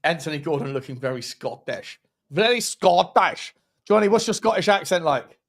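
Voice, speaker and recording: Man, football show host, lively rising and falling voice, jokey, chatty. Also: a little high, brisk. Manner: jokey, animated, puts on silly voices. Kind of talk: casual football watchalong chat.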